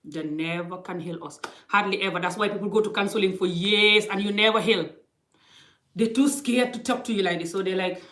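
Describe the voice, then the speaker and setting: A woman's voice: medium pitch, brisk, a bit bright. A middle-aged woman talking into her phone, giving life advice in an emphatic, casual way. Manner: emphatic, acts out quoted exchanges. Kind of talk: casual motivational talk. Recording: roomy echo.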